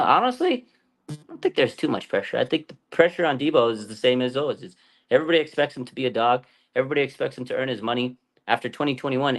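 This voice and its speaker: A man hosting a fan sports show, talking in a loose, rambling way full of fillers and restarts. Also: medium pitch. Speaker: fan channel host. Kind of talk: casual sports talk livestream.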